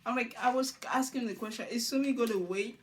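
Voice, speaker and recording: Against some background noise, a woman with a higher voice briskly runs through a show episode in casual commentary. She keeps laughing as she retells scenes and voices the cast's lines as quotes.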